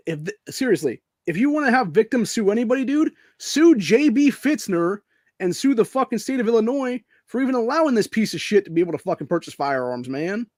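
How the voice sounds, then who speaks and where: A man's voice: very high-pitched, no room sound, studio quality. An American man hosting a podcast, ranting angrily and profanely in casual speech, peppering his lines with "dude" and "man.". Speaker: podcast host. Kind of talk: angry political rant.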